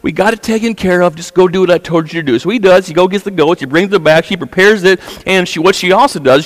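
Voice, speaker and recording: A man preaches in a church with a long reverb trailing behind each phrase. His voice sits high, and he tells the story in an easygoing, conversational style, slipping into the characters' voices. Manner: casual storytelling, acting out the characters' lines. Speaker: pastor. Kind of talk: sermon. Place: church sanctuary.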